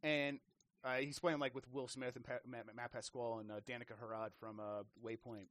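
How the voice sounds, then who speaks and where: Speaking briskly at a medium pitch, this man chats casually about games on a podcast. His stories are lively, full of restarts, with quotes he performs aloud.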